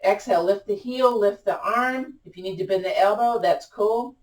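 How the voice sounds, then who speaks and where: A woman teaching a gentle yoga class, guiding breath and poses with a chatty, self-teasing manner, recorded in a room at home. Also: mid-range voice, normal speed. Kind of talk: guided yoga class instruction. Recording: roomy sound from a distant mic.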